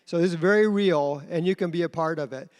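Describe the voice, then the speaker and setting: A man's voice: a little high, quick pace, a little mellow, clear, resonant tone. A man giving an earnest conference talk about leading a church group, telling his story plainly. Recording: reverberant hall.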